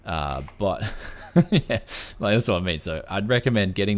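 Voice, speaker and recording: A man's voice: lowish voice, lively intonation, moderate pace, a little hiss or hum. A young Australian man hosting a casual tech podcast, laid-back, saying "man" a lot between fillers. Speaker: podcast host.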